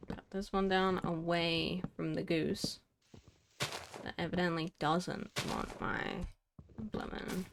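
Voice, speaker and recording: A woman's voice: low voice, gravelly, noisy background. A young woman streaming a game, chatting wryly to herself and scolding things in mock indignation. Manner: chatty, wry self-talk, mock-indignant. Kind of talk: casual gameplay commentary to herself.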